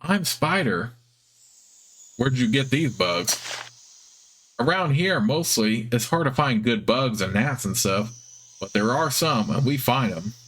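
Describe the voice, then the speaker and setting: A man voicing a simple, friendly giant spider with a squeaky, high-pitched voice, reading game dialogue. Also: lively intonation, unhurried, long pauses, a bit bright, slight background noise. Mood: chirpy friendly. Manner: naive, chirpy, short simple sentences.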